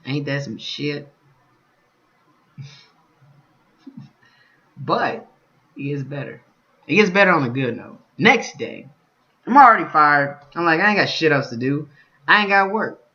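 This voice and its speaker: Bright-voiced man telling a story. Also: a little high, a little slow, pauses often, lo-fi sound. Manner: animated storyteller, swings from calm to loud venting with cursing. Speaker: vlogger. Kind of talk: storytelling vlog.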